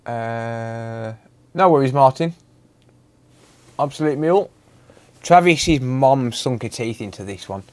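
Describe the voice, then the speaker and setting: A man's voice: medium pitch, animated, slow, long pauses, a little mellow. A man hosting a casual live stream, greeting viewers by name and chatting loosely.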